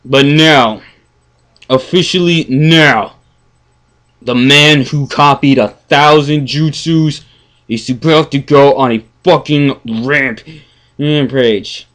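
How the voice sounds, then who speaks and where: A man ranting in a casual review, profane and exasperated, stammering and swinging from mumbling to yelling. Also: mid-range voice, slow. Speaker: anime reviewer.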